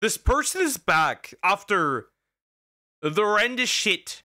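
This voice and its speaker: A man's voice: sits high, wildly swooping pitch, slow pace, pushed and bright, no echo, clean studio sound. A man streaming as a VTuber, reacting to a video in casual commentary, exasperated, stammering and repeating himself with bursts of laughter.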